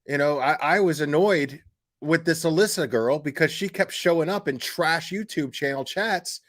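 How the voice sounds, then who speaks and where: A YouTube commentary host with a somewhat high, slightly bright voice runs a casual stream. He sounds exasperated, talking bluntly with lots of fillers, restarts and swearing.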